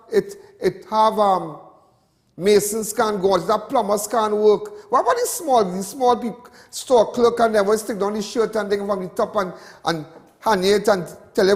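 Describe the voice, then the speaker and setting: A man's voice: high-pitched, big-room sound. A Trinidadian man hosting a show, ranting with passion and repeating himself. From Trinidad and Tobago. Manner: impassioned, repetitive ranting. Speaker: host. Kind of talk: ranting commentary.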